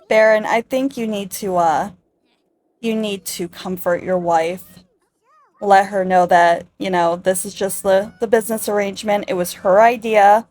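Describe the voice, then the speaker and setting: A woman's voice: mid-range voice, a little mellow. A woman giving casual, wry let's-play narration over a life-sim game. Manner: chatty, wry commentary on the game. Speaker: gameplay narrator.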